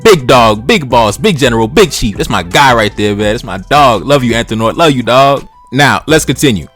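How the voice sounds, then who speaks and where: A man's voice: medium pitch, animated, moderate pace, a bit bright, soft background music. A man hosting a history channel, reading passages aloud and breaking into blunt, profane, slangy asides.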